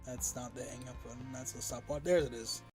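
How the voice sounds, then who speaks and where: A man streaming a game, chatting casually, excitable, swearing and laughing often. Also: mid-range voice, fast talker, loud music behind the voice. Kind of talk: casual gaming stream chat.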